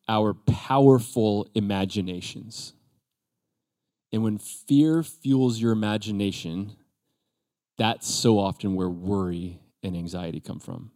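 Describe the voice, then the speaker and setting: A male pastor preaching a sermon, acting out quoted voices and dropping to a soft, quiet tone at times. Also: lowish voice. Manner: drops to a soft, quiet voice for reassurance.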